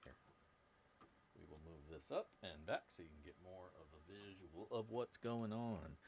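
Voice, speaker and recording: At an indoor workbench, a man with a deep, expressive voice hosts a casual live stream while prospecting for gold, joking and rambling to viewers at a moderate pace. The background is noisy.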